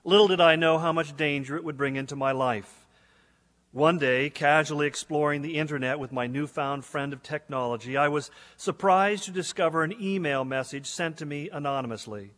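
A man's voice: a little high, normal speed, a bit bright. A man, a pastor, reading a letter aloud in a sermon in an earnest, dramatic way. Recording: echoey hall.

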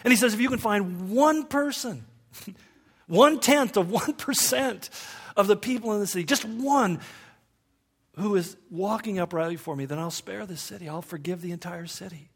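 A man's voice: sits high, moderate pace, a bit bright, slightly rough. A man preaching a sermon in a conversational way, with humorous asides and rhetorical questions.

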